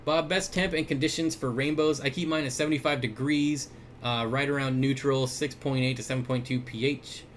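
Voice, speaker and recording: A man hosting a casual livestream, reading viewer comments aloud and answering aquarium questions in a relaxed, chuckling way with lots of fillers. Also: mid-range voice, brisk, slight background noise. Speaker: aquarium store owner and livestream host. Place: indoors, at his fish room or store. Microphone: desk mic.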